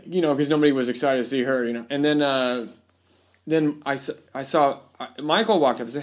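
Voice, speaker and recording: A man hosts a podcast, chatting casually and rambling with lots of fillers and restarts, and he puts on voices when quoting people. He talks fast, with a fairly high pitch and fairly even intonation.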